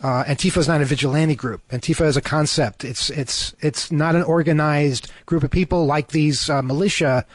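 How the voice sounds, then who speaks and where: A man's voice: fairly high pitch, steady tone, fairly quick, hardly any pauses, no echo. A man co-hosting a talk show over a remote call, reading news items and cutting in with sarcastic asides, full of fillers and restarts. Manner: hesitant, many fillers and restarts.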